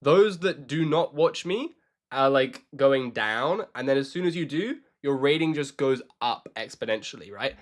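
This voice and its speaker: A man's voice: mid-range voice, animated, normal speed. A young man chatting casually with his live-stream audience while playing chess, joking and answering questions.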